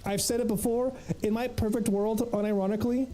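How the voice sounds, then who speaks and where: A game streamer rambles through casual livestream chatter, reading chat aloud between plays. The voice sits in a mid range with a mellow, dark tone, loose and full of laughs and casual swearing. Faint music plays underneath. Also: medium pitch, steady tone, fairly quick, rough recording.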